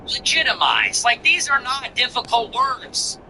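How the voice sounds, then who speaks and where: Sarcastic male commentary host, bright voice. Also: a little high, very animated, unhurried, a little hiss or hum, low-quality recording. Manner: sarcastic, mock-sympathetic, laughing. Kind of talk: mocking solo commentary.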